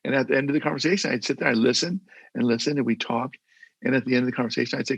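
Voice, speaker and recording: Older male guest, husky and gravelly, earnest rambling storyteller, dull video-call sound. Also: medium pitch, fast, no room sound. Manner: earnest, rambling with many restarts. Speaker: guest, former mayor. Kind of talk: casual interview storytelling.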